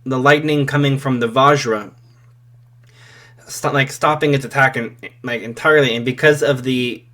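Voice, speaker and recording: A man's voice: mid-range voice, fairly even intonation, moderate pace, bright, forceful tone. A man casually improvising a fan story, narrating with many fillers and restarts.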